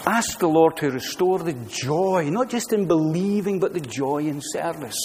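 A man's voice: a little high, expressive, a little slow, a little mellow. A man pastor preaching an earnest, conversational sermon full of rhetorical questions, recorded in a church sanctuary. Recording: church hall reverb, faint room noise.

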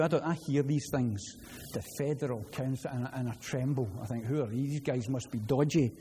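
Glaswegian preacher in an echoing hall. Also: male voice, medium pitch, moderate pace, a little hiss or hum. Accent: Glaswegian Scottish. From Scotland. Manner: earnest, repeats words when excited. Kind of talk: sermon. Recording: long hall reverb, faint ambience.

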